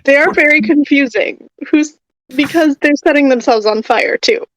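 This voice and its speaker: A woman's voice: high voice, moderate pace, no echo, low-quality recording. A woman playing a tabletop game, asking dry, curious questions. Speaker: player. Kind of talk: casual tabletop chat.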